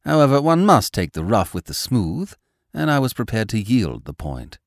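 A man's voice: medium pitch, very animated, moderate pace, no room sound, clean studio sound. A man reading a storybook as a wry, easygoing male dog narrating his own tale. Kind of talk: audiobook narration.

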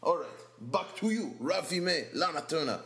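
A man reading out a list of dates and places in a put-on voice, slow and formal. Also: fairly high pitch, lively intonation, creaky, heavy background noise. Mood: cheerful. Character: man in a put-on African voice, cheerful announcer.

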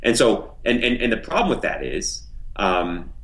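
Low-voiced man explaining thoughtfully. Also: very animated, moderate pace, fairly bright tone, poor audio. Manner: reflective, explanatory, many fillers. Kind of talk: casual podcast discussion.

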